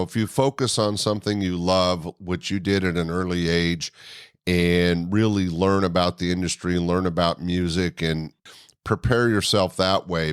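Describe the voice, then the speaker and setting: A man hosting an interview, asking drawn-out, affirming questions. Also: low voice, clear, resonant tone, dry recording, studio quality. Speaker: podcast host.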